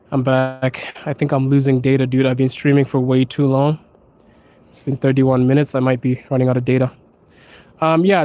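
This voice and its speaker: A man's voice: mid-range voice, darkish tone, highs cut off. A man chatting casually on a live stream from his phone, laughing often and calling his viewers dude and bro. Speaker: livestream host. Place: outdoors on a snowy street.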